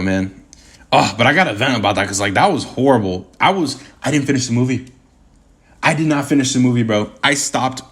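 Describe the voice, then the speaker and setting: A young man talks loosely to his stream chat in an average-pitched voice. He rambles and gets animated, stumbling over his words and restarting his sentences often. He peppers his talk with casual slang. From Puerto Rican heritage.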